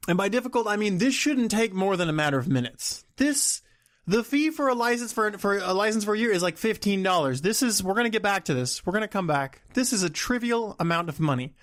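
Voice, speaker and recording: A man with a fairly high voice hosts his own podcast and rants on his own. He sounds exasperated and animated, laughing often and flaring into sudden outbursts. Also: a little fast. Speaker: podcast host. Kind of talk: solo ranting podcast.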